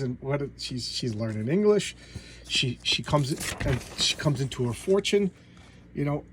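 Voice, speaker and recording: A man casually retelling comic book stories in an animated way, slipping into voices for the characters. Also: fairly high pitch, a little hiss or hum.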